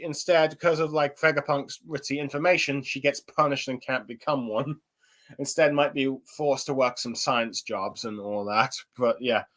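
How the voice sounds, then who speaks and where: A man's voice: fairly high pitch, a bit bright. A young man giving a casual spoken review, rambling with lots of fillers and restarts. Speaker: anime and manga reviewer.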